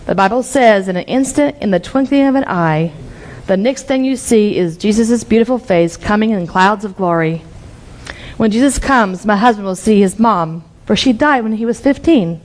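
A woman's voice: on the high side, normal speed. Woman preaching earnest Bible sermon. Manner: earnest, reads scripture aloud.

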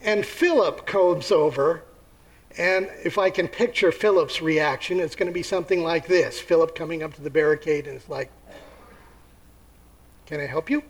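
A man preaching a sermon, telling the story with lively acted-out voices and asking his listeners questions. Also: a little high, moderate pace, low-quality recording. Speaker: pastor.

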